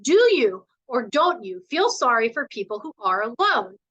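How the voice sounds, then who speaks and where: A woman's voice: on the high side, sing-song, normal speed, fairly bright tone, highs cut off, pitched above the performer's own voice. A woman voicing a blunt, curious young girl who keeps firing insistent, exasperated questions.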